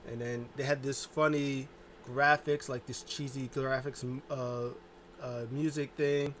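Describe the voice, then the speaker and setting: A man's voice: mid-range voice, level tone, a little slow, a bit bright, slight background noise. Man rambling through a casual recap. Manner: rambling, loose, heavy on filler words. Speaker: wrestling show reviewer.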